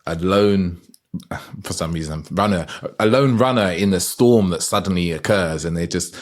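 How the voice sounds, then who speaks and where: Deep male interviewer, reflective, halting phrasing, casual podcast. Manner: reflective, searching for words, summarizing guest. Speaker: podcast host.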